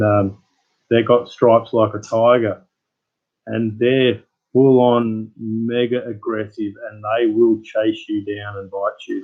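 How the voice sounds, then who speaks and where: A man's voice: lowish voice, phone-quality sound. An Australian man hosting his channel, chatting casually with live viewers as a rambling, laid-back storyteller. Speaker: channel host.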